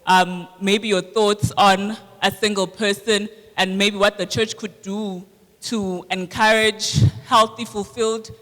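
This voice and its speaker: A man's voice: sits high, flat delivery, takes it slowly, bright, forceful tone. A man in the audience asking the pastor a question at a live congress, polite and hesitant as he searches for words. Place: large congress hall. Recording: long hall reverb from a live congress.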